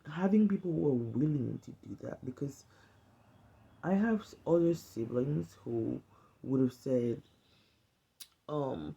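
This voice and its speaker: A woman's voice: low-pitched, vocal fry, dark tone. A woman speaking to camera in a casual, earnest, heartfelt monologue. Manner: earnest, conversational, emphatic. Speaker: vlogger.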